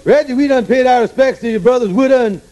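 An actor playing a scheming male con man in a radio sitcom, talking fast with fractured grammar and mixed-up big words. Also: very high voice, dark tone. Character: scheming smooth-talking male lodge brother. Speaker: con man steering his friend. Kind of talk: 1950s radio sitcom acting.

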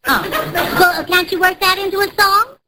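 A woman's voice: very high voice, fairly even intonation, fairly quick. A woman playing a cheerful, scatterbrained wife in an old radio comedy, with a lilting delivery. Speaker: comedy co-host. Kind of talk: 1940s radio acting. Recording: hissy old radio broadcast.

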